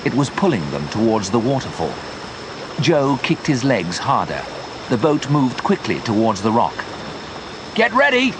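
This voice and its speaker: A man with a British accent reading a graded story aloud for English learners, clear and deliberate. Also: medium pitch, sing-song, background noise. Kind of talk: slow graded-reader narration.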